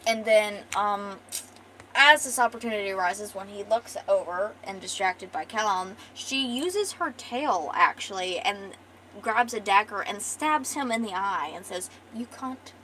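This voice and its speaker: A woman's voice: medium pitch, lively intonation, unhurried, sharp tone, slight background noise, low-quality recording. A young woman streamer casually retelling her comic's story, rambling with profane joking asides. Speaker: artist and streamer.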